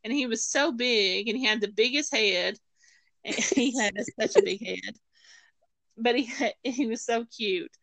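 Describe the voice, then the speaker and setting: Bright, gravelly woman telling a story. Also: on the high side, measured pace, dry recording, rough recording. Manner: storytelling, acting out quoted voices, many fillers and restarts. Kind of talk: personal testimony in conversation.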